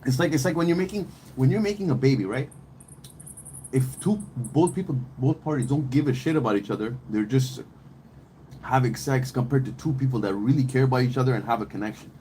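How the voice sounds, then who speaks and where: A man's voice: mid-range voice, brisk, warm tone, a little hiss or hum, low-quality recording. A man talking on a podcast in a casual, opinionated way, rambling and emphatic, with plenty of slang, swearing and restarts. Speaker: podcast host.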